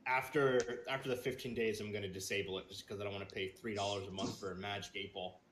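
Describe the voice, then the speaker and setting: A man's voice: on the low side, fairly even intonation, quick pace, fairly bright tone, reverberant, slight background noise. A man co-hosting a gaming podcast, chatting casually in a rambling, hesitant way with lots of ums and restarts. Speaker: podcast co-host and streamer. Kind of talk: casual chat.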